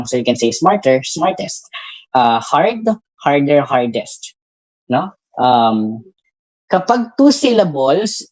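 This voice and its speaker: A woman with a Filipino accent, her voice pitched low, walks through a grammar lesson step by step. She explains patiently and keeps checking in with short tag questions. The recording is close and dry, with no room sound. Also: a little mellow, no echo, low-quality recording. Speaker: English test reviewer teacher.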